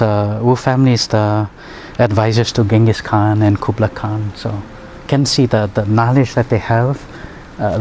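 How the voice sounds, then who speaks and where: A man's voice: lowish voice, a little mellow, a little hiss or hum. A man, a martial arts teacher and healer, telling stories in a rambling, chuckling way full of fillers. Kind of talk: conversational storytelling.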